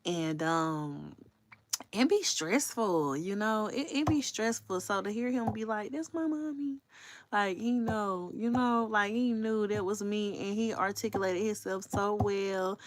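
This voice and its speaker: A woman's voice: mid-range voice, unhurried, no echo. A woman hosting a casual livestream, chatting candidly with her viewers and swearing freely. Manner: talks straight to viewers. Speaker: livestream host.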